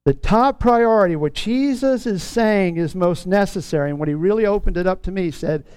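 A middle-aged man preaching a sermon in an earnest tone, stretching out key words slowly for emphasis. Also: high-pitched, darkish tone, clean tone, no room sound. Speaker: pastor.

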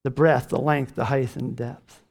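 A man preaching a sermon, slowing down and leaning hard on key words. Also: medium pitch, fairly even intonation, vocal fry, a little mellow. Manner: slow emphatic preaching, rising on key words. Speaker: pastor.

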